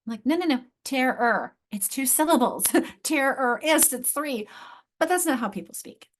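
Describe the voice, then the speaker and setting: A middle-aged woman leads an online literacy workshop in a voice pitched a little high. She explains with animated emphasis, often stopping to restart a phrase, and stresses key words. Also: a little fast. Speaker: literacy instructor.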